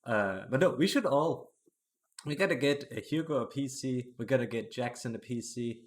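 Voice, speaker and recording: A man's voice: mid-range voice, normal speed. A man hosting a casual podcast, talking eagerly and asking his guests questions. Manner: eager, talkative, asks questions. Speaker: podcast host. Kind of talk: casual chat.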